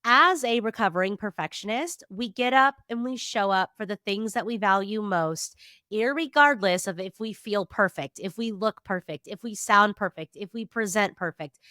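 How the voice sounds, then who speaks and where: A woman's voice: medium pitch, normal speed, sharp tone, no room sound, studio quality. A woman in her thirties hosting a motivational podcast, her voice nasal and stuffy from allergies, upbeat and emphatic. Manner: upbeat, emphatic, casually swears. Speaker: podcast host and therapist.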